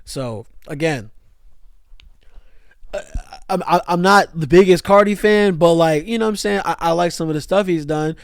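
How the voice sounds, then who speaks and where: A man's voice: a little high, normal speed, long pauses, dry recording, studio quality. A young man giving a rambling, slangy music commentary rant, full of fillers and restarts. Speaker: music YouTuber.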